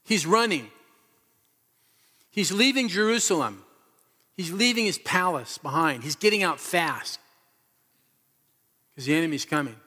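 An earnest male pastor preaching with emphatic, repetitive storytelling. His voice sits a little high for a man, and a long reverb trails it through the church hall. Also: animated, a little slow, long pauses, sharp tone, breathy edge. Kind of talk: sermon.

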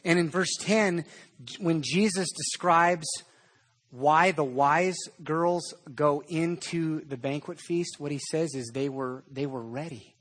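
Husky, animated male preacher. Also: a little high, slow pace. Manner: animated storytelling, conversational. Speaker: pastor. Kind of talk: sermon.

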